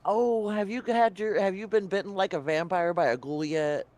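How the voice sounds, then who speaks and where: A man co-hosts a gaming stream in easy, casual talk. He is chatty and laughs often between remarks. His voice sits a bit high for a man. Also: fairly even intonation, normal speed, darkish tone. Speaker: co-host who has played the game. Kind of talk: casual gameplay chat.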